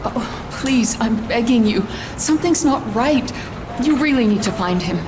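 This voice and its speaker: A woman's voice: a little high, expressive, unhurried, background noise. An actress playing a distraught middle-aged mother, anxious and pleading.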